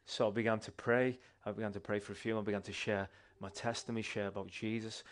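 A man, a church member giving a personal testimony in an animated, conversational way with restarts. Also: fairly low pitch, quick pace.

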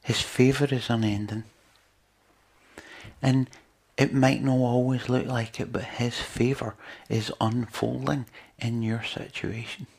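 A man delivers a sermon in a gravelly, slightly husky voice. He preaches in a chatty, earnest way and keeps turning to his listeners with rhetorical questions. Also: mid-range voice, steady tone, takes it slowly, a little mellow.

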